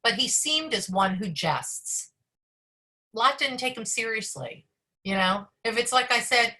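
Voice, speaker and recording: Woman rabbi, online class over a video call, rapid chatty delivery, clear bright tone. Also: mid-range voice, big pitch swings. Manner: fast, chatty, many fillers and asides. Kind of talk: leading an online study session.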